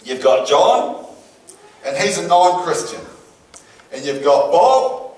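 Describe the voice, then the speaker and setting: A man's voice: on the high side, very animated, slow pace, a little mellow. A man preaching a sermon and telling a story with acted-out voices. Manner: storytelling, acts out voices in an anecdote. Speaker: pastor. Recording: echoey hall from far off.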